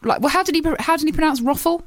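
Bubbly fast-talking woman radio host. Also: sits high, no room sound. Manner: bubbly, teasing, quick to laugh. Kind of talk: casual radio banter.

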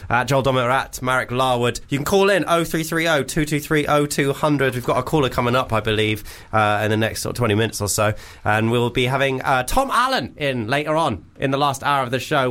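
A man hosting a casual comedy radio show, quick and joking, often laughing. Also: medium pitch, fairly bright tone, smooth. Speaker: radio host.

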